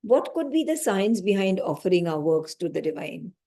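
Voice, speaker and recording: A woman giving a lecture on scripture, explaining slowly, repeating key phrases and asking her small audience questions. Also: medium pitch, sing-song, dark tone. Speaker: spiritual teacher.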